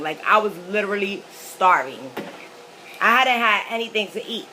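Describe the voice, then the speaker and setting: Bright-voiced chatty woman vlogger. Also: medium pitch, animated, moderate pace, slight background noise, poor audio. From New York City. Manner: chatty, rambling, lots of fillers. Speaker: mukbang vlogger. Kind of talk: casual storytelling while eating.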